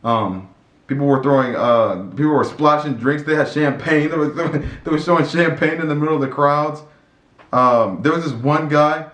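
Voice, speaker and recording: A man vlogging in a casual, storytelling way, excitable and rambling, with many restarts and repeated words. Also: on the high side, moderate pace. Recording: echoey room with faint music.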